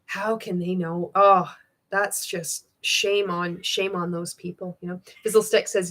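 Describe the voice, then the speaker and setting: A woman's voice: lowish voice, fairly even intonation, a little slow, fairly bright tone. Sarcastic, swearing woman livestreamer. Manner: sarcastic, swears freely, laughs often. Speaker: livestream host. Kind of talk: casual livestream chat reading viewer comments.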